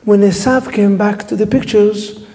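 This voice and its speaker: A rabbi teaches a Torah class in lively storytelling fashion, firing questions at his listeners. He speaks non-native English sprinkled with Hebrew terms, in a warm, dark-toned voice. A long hall reverb trails his words. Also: high voice, unhurried. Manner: animated storytelling, quizzing the audience with questions. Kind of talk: Torah lesson.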